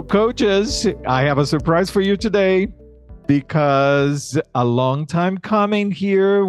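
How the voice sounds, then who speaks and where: A man's voice: high voice, clear, resonant tone, no echo. A man hosting a coaching podcast, talking with enthusiasm and often restarting his sentences. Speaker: podcast host. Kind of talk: podcast conversation.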